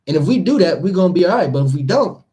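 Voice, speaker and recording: Brief: higher-voiced man, animated scripture commentary, casual street talk. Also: fast talker, a little hiss or hum. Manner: animated, laughing, acts out quoted people. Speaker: teacher leading scripture study.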